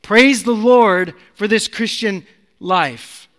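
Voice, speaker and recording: Male preacher, high bright tone, emphatic delivery, big church reverb. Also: takes it slowly. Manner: emphatic, swings from loud to hushed. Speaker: pastor. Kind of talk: sermon.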